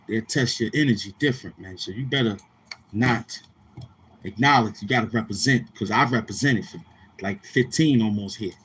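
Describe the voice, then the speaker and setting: A man's voice: mid-range voice, a little hiss or hum. A man with a New York accent talking casually to camera as a vlogger, slangy and rambling, repeating tag phrases. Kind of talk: casual street talk to camera.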